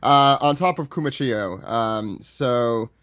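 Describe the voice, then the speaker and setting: A man's voice: medium pitch, slow, fairly bright tone, dry recording, clean studio sound. A man co-hosting a podcast, chatting casually and joking while loosely recapping a manga chapter. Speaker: podcast co-host.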